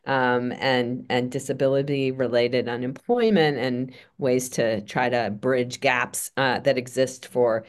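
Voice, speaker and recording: A woman moderating an online talk, introducing the speaker in halting phrases. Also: very deep voice, fairly even intonation. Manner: halting, filler-heavy phrasing.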